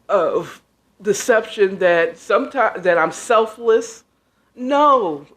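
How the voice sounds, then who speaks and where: A woman in her fifties hosting a podcast, ranting casually, tired and emotional, with frequent swearing. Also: mid-range voice. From United States. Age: 50s. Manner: venting, profane, tired and emotional. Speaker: podcast host. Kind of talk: casual livestream rant.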